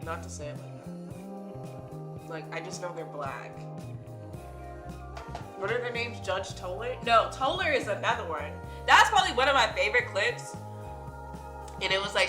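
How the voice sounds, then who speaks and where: A woman's voice: mid-range voice, animated, normal speed, long pauses, sharp tone. A woman streamer with a stuffy nose, chatting casually and swearing often. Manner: chatty, swears a lot, says "dude" often. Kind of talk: casual chat. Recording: echoey room with music playing.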